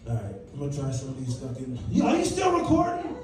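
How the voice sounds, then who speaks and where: A man doing a stand-up set on a club stage, bantering with the audience, swinging between loud bursts and low mutters. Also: wildly swooping pitch, fast, noisy background. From Virginia. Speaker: stand-up comedian. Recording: echoey club recording from far off, loud crowd. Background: audience laughter.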